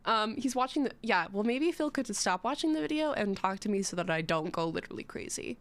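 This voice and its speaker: A woman's voice: mid-range voice, animated, fairly quick. A young woman streaming live, chatting in a rambling, giggly, self-mocking way to her chat.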